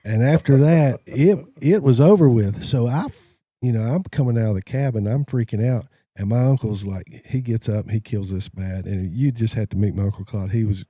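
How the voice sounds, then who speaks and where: A man hosting a podcast, telling self-deprecating stories in a casual, animated way. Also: medium pitch, normal speed, breathy edge, no echo, muffled recording. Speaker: podcast host. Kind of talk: casual storytelling chat.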